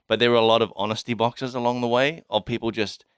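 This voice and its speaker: A man's voice: medium pitch, fairly even intonation, fast talker, smooth, no echo, studio quality. A young man from New Zealand, speaking with its accent, co-hosting a podcast in a laid-back, rambling chat full of fillers. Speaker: podcast co-host. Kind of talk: casual chat.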